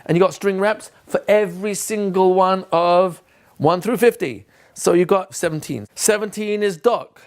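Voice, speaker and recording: A man's voice: high voice, normal speed. A man giving a recorded lesson to teachers, quizzing himself aloud and answering in a playful way. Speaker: teacher trainer.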